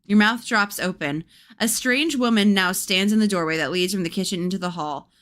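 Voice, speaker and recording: A young woman hosts a livestream, chatting playfully and reading a spooky children's book aloud, stopping now and then to coo at her cats. Her voice is medium in pitch, fairly bright, and a bit fast.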